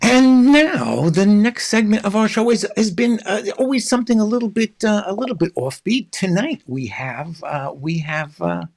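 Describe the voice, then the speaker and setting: A man's voice: sits high, lively intonation, moderate pace, gravelly, hardly any pauses, darkish tone. A man hosting a magic show in casual live-stream chat, rambling with lots of fillers and restarts.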